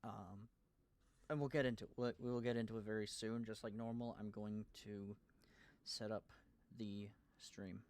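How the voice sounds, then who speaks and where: A young man streaming live and chatting casually, nervous and excited, stumbling and restarting his sentences often. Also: on the low side, moderate pace.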